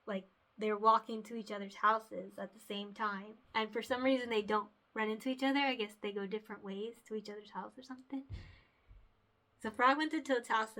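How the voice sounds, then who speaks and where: A woman's voice: medium pitch, bright, forceful tone. A woman who writes picture books, chatting casually in a vlog, giggly and openly emotional. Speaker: picture book author.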